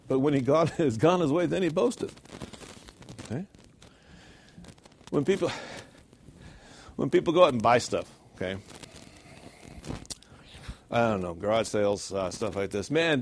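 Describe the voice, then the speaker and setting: A man preaching a sermon in a church, animated and rhetorical, often checking in with "okay?". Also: a little high, slight background noise. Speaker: pastor.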